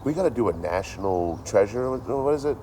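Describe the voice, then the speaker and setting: Man, low bass voice, casual profane ranter, animated storytelling, faint background noise. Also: a little fast. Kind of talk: casual ranting monologue.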